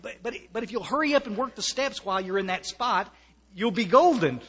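A man's voice: high voice, lively intonation, brisk, a bit bright, slightly rough. An American man giving a personal testimony to a recovery meeting, earnest and conversational, often restarting his sentences and mixing in wry humor. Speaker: speaker sharing at a recovery meeting. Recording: long reverb of a large hall.

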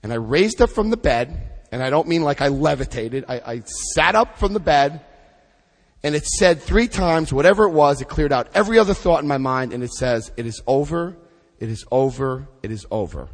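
A middle-aged man giving a personal recovery testimony to an audience, telling his story with dramatic pauses. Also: a little high, animated. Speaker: recovery speaker. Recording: hall reverb.

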